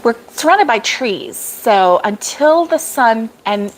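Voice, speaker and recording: A woman's voice: a little high, animated, takes it slowly, low-quality recording. A middle-aged woman hosting a casual live stream from a cabin, chatty, laughing often and reading viewer comments aloud. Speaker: crochet vlog host. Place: cabin in the woods.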